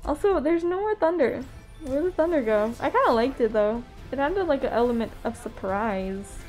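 A woman's voice: high voice, big pitch swings, normal speed, a little mellow, faint music behind. A woman streaming a game live, chatting bubbly to her chat and laughing often. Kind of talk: live gameplay commentary.

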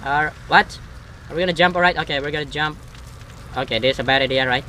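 A man giving playful, excitable gameplay commentary as a gaming YouTuber. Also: a little high, brisk, slight background noise.

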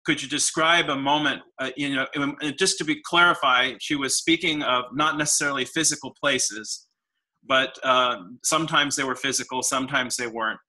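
A man's voice: mid-range voice, steady tone, bright, forceful tone, low-quality recording. A man interviewing an author, asking long questions and searching for his words as he goes. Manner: halting, searching for words, many fillers and restarts.

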